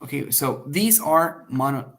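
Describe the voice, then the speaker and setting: Speaking unhurriedly in an expressive, slightly high voice, a man gives an online test prep lecture. He breaks everything down step by step, checks in often with "okay?", and acts out sample lines with sharp emphasis.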